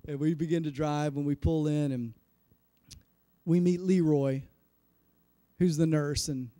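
A pastor in his forties preaching a sermon, telling a personal story in an animated, self-deprecating way. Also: fairly high pitch, no echo, studio quality. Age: 40s.

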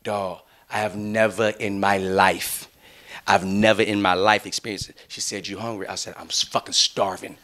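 A man's voice: on the low side, little pitch movement, normal speed, pushed and bright. A young adult man hosting a podcast. He tells a long story in loose, profane, laughing chat and acts out the other people's lines. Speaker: podcast host.

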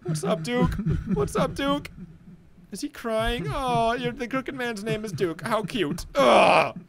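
A man giving jokey let's-play commentary on a horror game, reacting loudly and reading notes aloud. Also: very high-pitched, lively intonation, takes it slowly, creaky, crowd noise. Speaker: gamer playing a horror game. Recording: loud game music behind voice.

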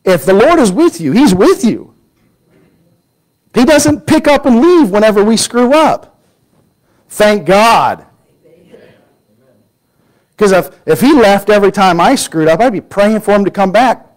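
A man preaching a Sunday sermon, telling a story with lively acted-out quotes and sudden drops to a hushed voice. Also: sits high, measured pace, long pauses, poor audio. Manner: animated storytelling, acting out quoted voices, drops to a near-whisper for emphasis.

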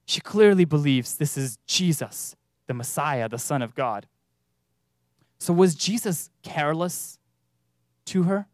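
A man's voice: a little high, expressive, no echo. Earnest preaching man, dry sound. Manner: earnest, with emphatic rises and drawn-out stresses. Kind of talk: sermon. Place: church.

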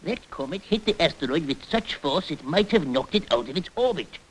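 An actor voicing a serious, measured male professor astronomer in a 1960s cartoon. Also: a little high, expressive, slightly rough, low-quality recording. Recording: old cartoon soundtrack with faint hiss.

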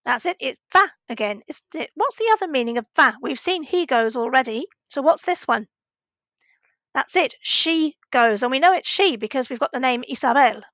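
A woman teaching a recorded language lesson to children, patiently asking questions and pausing for answers. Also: sits high, lively intonation, a bit bright, dry recording. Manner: slow, patient, asks questions and pauses for answers.

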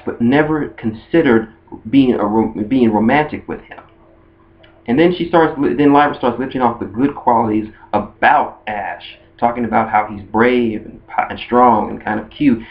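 A man talking casually about a cartoon ship in a rambling way, often restarting his sentences. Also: mid-range voice. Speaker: anime fan video host. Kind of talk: casual fan monologue. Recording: dull lo-fi recording.

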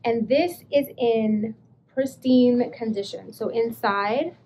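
Chatty high-voiced woman vlogger. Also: takes it slowly, a little hiss or hum. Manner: chatty, animated storytelling with excited bursts. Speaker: thrift reseller vlogger. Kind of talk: casual vlog, showing thrift finds.

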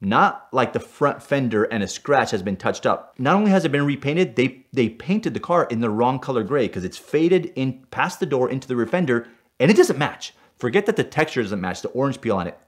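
A man from Puerto Rico telling a personal car story in an animated way. He gets worked up as he goes and often checks in with "right?". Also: medium pitch, brisk, few pauses. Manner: excitable, tags lines with "right?", gets worked up as he tells it. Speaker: stunt driver telling car stories.

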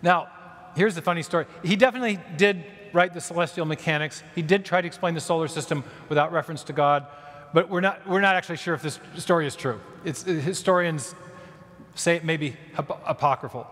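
A man giving a conference lecture in a large church hall, telling history as a story with asides and quick self-corrections. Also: on the high side, a bit bright. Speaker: conference speaker. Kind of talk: public lecture. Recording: long reverb of a large hall.

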